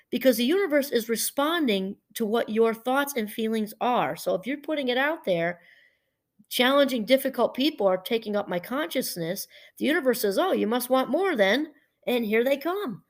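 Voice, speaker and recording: A woman's voice: on the high side, lively intonation, moderate pace. A woman professor giving a casual, chatty talk. She wanders off topic, restarts her sentences often and laughs easily. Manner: chatty and digressive, with frequent restarts. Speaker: professor and podcast host. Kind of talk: casual teaching monologue.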